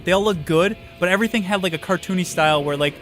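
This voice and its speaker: A man's voice: high-pitched, fast, fairly bright tone. Joking young man on a gaming stream. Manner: joking, teasing. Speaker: co-host of a gaming livestream. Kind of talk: casual chat.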